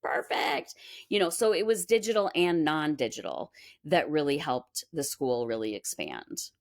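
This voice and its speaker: Woman, low pitched, interview guest, animated storyteller, casual chat. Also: moderate pace. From Minnesota, US. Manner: animated, acts out quoted voices. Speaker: guest, music school owner.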